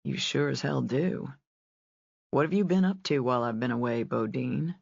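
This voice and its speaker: A woman reading an easygoing ranch man who answers in a relaxed, understated way. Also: a bass voice, normal speed, vocal fry, husky, no room sound, lo-fi sound, voice pushed down, heavily acted. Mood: flirtatious.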